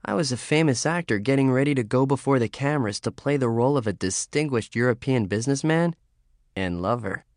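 A man reading a first-person story as an audiobook narrator, in a measured, understated way. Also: mid-range voice, dry recording, studio quality.

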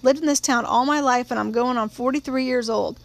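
A woman's voice: a little high, brisk, gravelly. A woman voicing a blunt, stubborn male small-town sheriff in his forties who talks in a plain-spoken drawl. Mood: earnest.

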